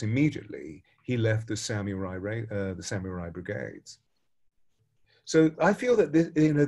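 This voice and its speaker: Expressive man telling a spiritual parable. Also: on the low side. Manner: expressive, dramatic, shifting pace and loudness. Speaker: spiritual teacher. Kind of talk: storytelling parable and spiritual talk.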